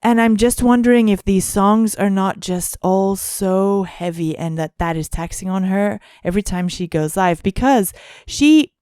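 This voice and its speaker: A woman's voice: medium pitch, unhurried, few pauses, a little mellow, clean tone, no echo, clean studio sound. A woman co-hosting a podcast, musing aloud in casual chat and often searching for words. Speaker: podcast co-host.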